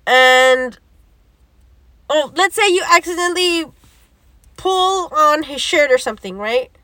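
A woman's voice: high voice, animated, slow pace, sharp tone, no room sound. A young woman, telling a story in casual chat, acting out quoted lines and swearing often. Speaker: podcast co-host.

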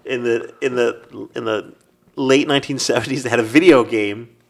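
A man's voice: mid-range voice, steady tone, gravelly. A man from New York City hosting a casual podcast chat and reading listener mail aloud. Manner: talks fast, reads listener letters aloud. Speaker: podcast host.

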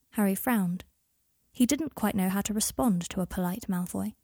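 An audiobook reader, a woman, narrates a scripted story in a calm, even storytelling manner. Her mid-range voice moves at normal speed, with clean studio sound and no room sound.

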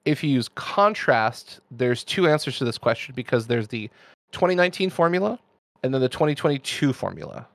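A man's voice: medium pitch, expressive, a little fast, fairly bright tone, no echo. A man in casual conversation, explaining things enthusiastically in long, flowing runs. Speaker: miniature painting expert host. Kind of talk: casual chat.

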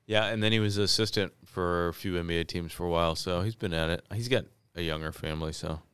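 Deep, very smooth-voiced calm man. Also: fast talker, no echo. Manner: calm, informative. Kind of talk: casual chat.

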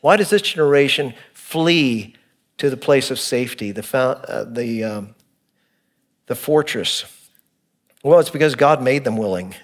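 A middle-aged man preaching an expository sermon, earnest and shifting between emphatic and hushed delivery. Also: mid-range voice, expressive, a little slow. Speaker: pastor.

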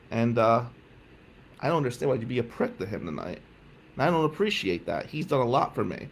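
A man telling a comic story from his own life, acting out the other people's lines with sudden jumps in pitch and volume. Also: brisk, creaky, a little hiss or hum. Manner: animated, acts out quotes with jumps in pitch and loudness. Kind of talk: comedic anecdote.

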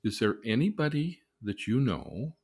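A man, a therapist, telling a case story, acting out the voices of the people in it and moving between soft, low asides and loud, excited bursts. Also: measured pace, slightly rough. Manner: vivid storyteller, acts out the people in his stories.

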